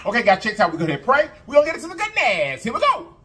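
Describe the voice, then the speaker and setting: A man with an extremely high-pitched, racing voice hosts an eating show as a food vlogger. Animated and chatty, he hums and mm-hmms while tasting and calls viewers y'all and baby.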